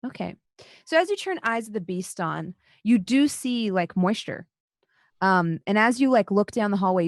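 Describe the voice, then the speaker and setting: A woman's voice: on the low side, gravelly, no room sound, clean studio sound. A woman narrating as storyteller in a tabletop role-playing game, describing scenes with lots of likes and kind-ofs.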